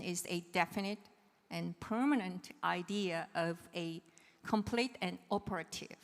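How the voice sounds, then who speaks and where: A woman giving a seminar lecture in a large hall, her smooth, resonant voice carried on a long reverb tail. She takes her time and checks that the audience follows before moving on. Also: on the low side, unhurried. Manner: patient, checks understanding with "right?". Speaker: seminar presenter on patent law. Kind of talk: explanatory technical lecture.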